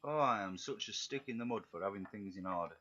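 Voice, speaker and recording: A middle-aged man with a rough Yorkshire accent, chatting and bantering with viewers while he paints miniatures on a live stream. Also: fairly low pitch, lively intonation, fast talker, sharp tone, slight background noise. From England. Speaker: live-stream hobby host. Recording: dull lo-fi stream audio, faint music.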